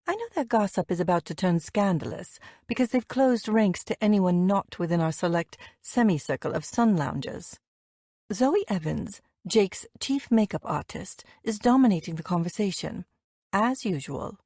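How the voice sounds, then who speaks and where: A woman's voice: medium pitch, moderate pace, dry recording. Woman reading a steamy romance close-up. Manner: intimate, expressive reading with voiced dialogue. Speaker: audiobook narrator. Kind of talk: first-person romance audiobook narration.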